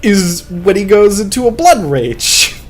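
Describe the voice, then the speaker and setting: A man's voice: high voice, very animated, unhurried. A man chatting casually while playing a game, rambling and swearing with many fillers into a close desk mic. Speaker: gamer and podcast host.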